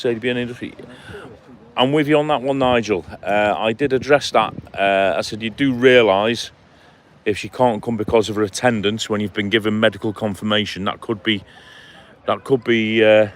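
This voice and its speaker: His voice sits fairly low, with fairly even intonation and a fairly quick delivery. Out on a clifftop by the sea, this friendly male streamer walks and chats on his phone, reading the chat aloud and addressing viewers by name in a chummy way.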